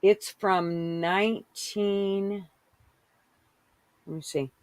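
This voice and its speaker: A woman's voice: medium pitch, steady tone, extremely slow, no room sound. A woman chatting casually as a guest on a live stream, eagerly showing and explaining her work. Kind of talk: casual show-and-tell.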